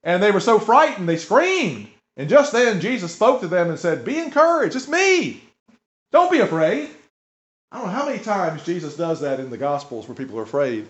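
A man's voice: on the high side, sing-song, brisk, hardly any pauses. A man preaching a conversational sermon to a congregation, in a folksy way, asking them questions as he goes. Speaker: pastor.

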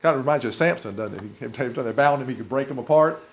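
Racing along at medium pitch, a man preaches as pastor in a conversational manner. He keeps asking his listeners rhetorical questions, and the audio is a dull lo-fi recording.

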